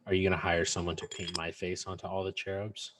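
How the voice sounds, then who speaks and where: A man's voice: deep voice, flat delivery, fast, a bit bright. An American man co-hosting a casual podcast chat, joking and laughing often. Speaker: podcast co-host.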